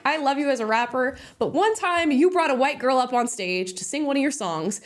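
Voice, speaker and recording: A woman's voice: high voice, expressive, fairly quick, hardly any pauses. A woman hosting casual reaction commentary, sarcastic and opinionated, breaking into laughs often. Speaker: host reacting to videos.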